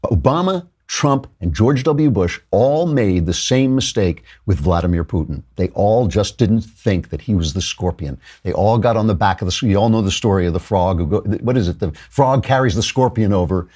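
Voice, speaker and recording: A man hosting a political talk show, delivering fast, argumentative commentary and breaking into laughter mid-sentence. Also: fairly low pitch, lively intonation, darkish tone. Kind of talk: opinionated commentary.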